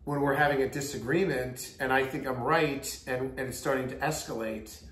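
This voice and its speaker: A man's voice: medium pitch, steady tone, normal speed, a bit bright, echoey room. A middle-aged man with a Long Island accent, chatting as a guest, rattling off emphatic rants full of mimicked quotes. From Long Island, New York. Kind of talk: casual chat.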